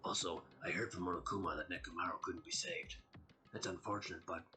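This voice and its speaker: A man voicing a calm, eerie teenage boy in a game, speaking in a low, measured way. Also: soft background music.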